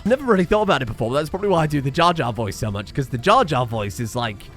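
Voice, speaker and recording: A man giving excitable, sweary let's play commentary, laughing often. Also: mid-range voice, rapid-fire, few pauses, faint music behind. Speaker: gaming streamer.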